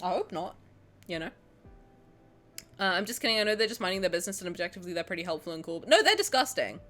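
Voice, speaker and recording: A woman's voice: on the low side, lively intonation, fast, sharp tone, faint music behind. A young woman streaming from home, bantering with her chat, swearing freely and breaking into laughter. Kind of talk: casual live-stream chat.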